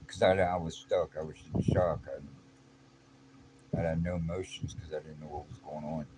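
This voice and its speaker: Low-voiced man telling a story bluntly. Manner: blunt, streetwise, with slang and restarts. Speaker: vlogger. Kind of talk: casual personal storytelling. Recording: clear background noise.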